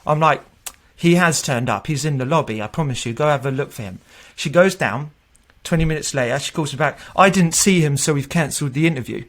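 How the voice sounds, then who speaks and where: A man's voice: fairly high pitch, brisk, hardly any pauses, fairly bright tone. A man in his thirties, a tech recruiter being interviewed, telling stories in a loose, chatty way and often laughing and acting out what people said. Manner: chatty, laughs often, acts out quoted voices. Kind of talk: casual interview storytelling.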